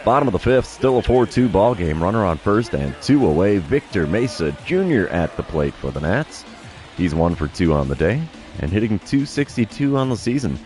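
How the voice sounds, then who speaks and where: A man streaming a baseball video game, calling each pitch like an announcer with dry self-deprecating asides. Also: a little mellow. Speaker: gaming streamer. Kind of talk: play-by-play commentary of his own video game.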